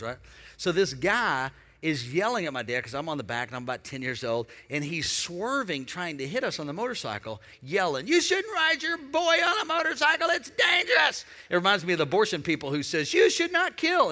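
A man preaching a sermon, emphatic and building to shouts, calling on the congregation to respond. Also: mid-range voice, expressive, fast, in a large hall. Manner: calls on the congregation. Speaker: pastor.

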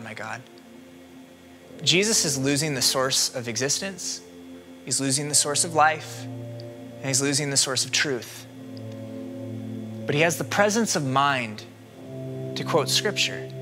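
A man preaching a sermon as a minister, moving from hushed reflection to loud, pleading questions. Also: mid-range voice.

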